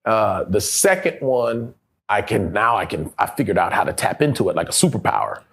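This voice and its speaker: Telling stories in a casual interview, this middle-aged male actor is animated and profane, imitating those he quotes and laughing a lot. His voice is on the low side at a normal pace, with slight background noise.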